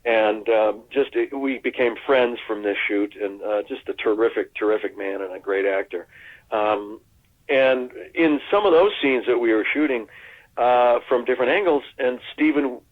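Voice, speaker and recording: An American actor, appearing as a guest, tells chatty anecdotes in casual interview storytelling, at a moderate pace with a medium-pitched voice. He's animated, restarting often and acting out quotes. The audio is narrow and phone-like.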